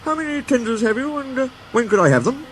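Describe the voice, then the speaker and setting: Man playing a jealous show-off engine, high puffed-up voice, super pompous. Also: sing-song, normal speed, a little hiss or hum. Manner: pompous and boastful. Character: vain jealous male tender engine.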